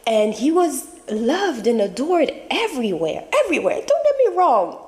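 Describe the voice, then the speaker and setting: A woman's voice: sits high, huge pitch swings, normal speed, warm tone, in a large hall. A woman hosting her channel, talking casually and emphatically in a rambling way while she is losing her voice. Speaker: channel host. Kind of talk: casual commentary.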